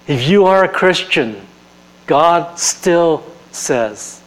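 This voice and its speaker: A man preaching a sermon in an earnest, conversational way, repeating phrases and dropping to a soft hush on tender lines. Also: a little high, lively intonation, extremely slow, poor audio. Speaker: pastor.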